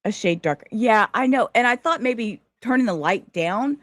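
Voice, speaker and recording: A woman's voice: fairly high pitch, lively intonation, moderate pace, a bit bright, no echo. A woman hosting a live stream in casual chat, rambling and losing her words. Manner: scattered, rambling, self-interrupting. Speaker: livestream host.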